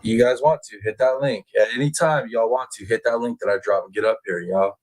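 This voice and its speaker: A man hosting a casual livestream from home, chatting with viewers and reading their comments in a relaxed, drawling way that jumps higher when he gets excited. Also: brisk, low-quality recording. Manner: laid-back, chatty, drawling out words. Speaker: livestream host reading chat.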